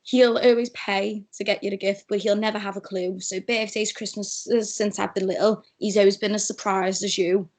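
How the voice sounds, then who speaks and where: A woman's voice: mid-range voice, moderate pace, hardly any pauses. A young woman with a strong Scouse accent, chatting as a guest over a Skype audio call. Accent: Scouse (Liverpool). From Liverpool, England. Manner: chatty, animated storyteller. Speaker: guest, radio producer. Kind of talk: casual chat.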